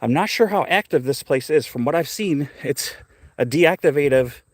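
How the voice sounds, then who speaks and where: A man's voice: on the high side, animated, moderate pace. A middle-aged man, a little short of breath, wanders and chats on a live stream, talking in a loose, curious, rambling way. He speaks outdoors on a phone, with dry, close sound and no room echo. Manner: rambling, curious, chatty with viewers. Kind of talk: casual live-stream chat. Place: outdoors in a cemetery.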